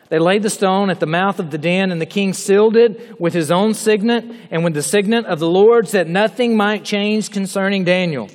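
Brief: high-voiced male preacher, dramatic storytelling sermon, long hall reverb. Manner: dramatic storytelling, swinging from loud to hushed.

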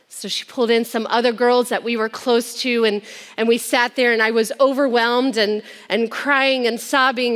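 Brief: woman speaker, slightly high voice, heartfelt testimony, long hall reverb. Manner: earnest storytelling, dropping soft at heavy moments. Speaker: speaker sharing a personal testimony. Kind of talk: personal testimony to an audience.

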